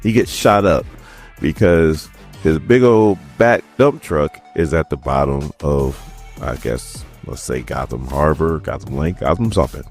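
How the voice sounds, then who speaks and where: A man's voice: a bass voice, measured pace, creaky, darkish tone, soft background music. A man casually recapping a comic book, loose and conversational with lots of hedging. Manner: loose and conversational, hedges often.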